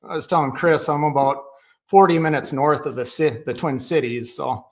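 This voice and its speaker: Folksy Minnesotan man, a bit high. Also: moderate pace. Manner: laughs often, folksy rambling anecdotes. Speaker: podcast guest. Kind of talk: casual storytelling chat.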